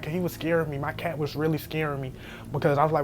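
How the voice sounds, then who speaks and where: A young man telling a scary story in casual storytime style, animated and jumping to high squeals when he quotes himself. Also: fast. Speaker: storyteller vlogger. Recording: faint background noise.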